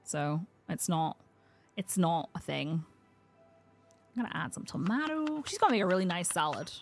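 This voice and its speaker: A woman's voice: on the low side, expressive, moderate pace, creaky, soft background music. A young Northern Irish woman streaming a survival game, chatting and rambling with frequent laughs. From Northern Ireland. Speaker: variety streamer. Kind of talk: casual live-stream commentary.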